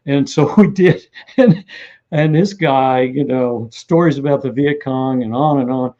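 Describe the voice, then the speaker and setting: A man, an author being interviewed, telling lively stories and acting out what people said. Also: medium pitch, normal speed, muffled recording. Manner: animated anecdotal storyteller who acts out quotes. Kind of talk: interview storytelling.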